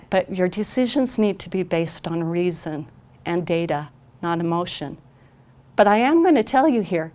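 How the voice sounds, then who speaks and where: A woman's voice: medium pitch, darkish tone. A woman parent consultant giving an advocacy training presentation on camera. She talks earnestly and emphatically and often repeats phrases for stress. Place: recorded on camera.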